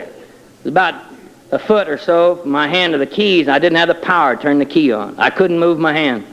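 A man's voice: fairly high pitch, fairly quick, fairly bright tone, rough recording. A man giving a personal testimony in a colloquial, self-deprecating storytelling way with wry humor.

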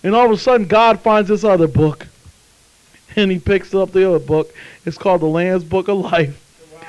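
A man's voice: sits high, smooth, highs cut off. A man preaching a sermon, telling a story and then fervently urging listeners to come to faith. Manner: storytelling, then fervent pleading altar call.

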